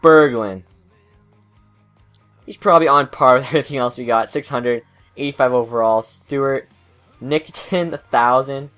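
A man's voice: medium pitch, moderate pace, long pauses, soft background music. A young man hosting a gaming video, commenting on pack openings, getting hyped and then cursing his bad luck. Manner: excitable, swearing, groaning at bad luck. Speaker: gaming channel host.

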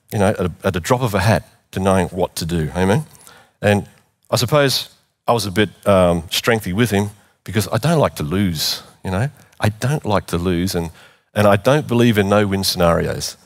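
Man, middle-aged pastor, very low voice, earnest church sermon. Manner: earnest, repeats phrases for emphasis.

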